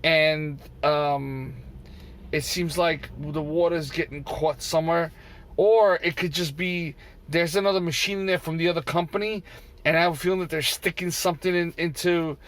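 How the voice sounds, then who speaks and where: A man's voice: on the high side, steady tone, moderate pace, fairly bright tone. A vending machine operator venting in a frustrated, profane, repetitive rant for his vlog, talking from inside a vehicle. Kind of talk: ranting vlog.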